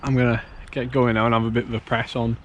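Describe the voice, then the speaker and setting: A man's voice: mid-range voice, little pitch movement, quick pace, dull audio, background noise. A man chatting casually to a handheld camera outdoors during a long bike ride, rambling with plenty of fillers. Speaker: cyclist vlogger.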